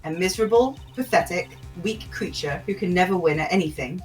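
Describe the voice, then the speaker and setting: A woman voicing a calm, confident female lawyer spirit, speaking in a cool, measured way while reading game dialogue aloud. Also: lowish voice, distant mic, faint music behind, close to an everyday voice. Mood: cold.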